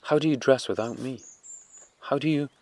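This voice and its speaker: A man voicing a tender young mother, speaking softly with choked emotion. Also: medium pitch, moderate pace, dry recording, voice pushed up, lightly acted.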